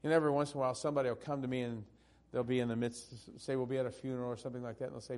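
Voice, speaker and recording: A male pastor preaching a sermon, swinging from loud, emphatic peaks down to hushed, tender passages. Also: mid-range voice, steady tone, rapid-fire.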